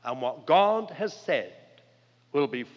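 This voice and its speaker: Older male preacher with a fairly high voice; dramatic, earnest sermon delivery; dull lo-fi hall recording. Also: sing-song, takes it slowly. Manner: earnest, dramatic storytelling with wide swings of pitch and loudness. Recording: long hall reverb, dull lo-fi sound.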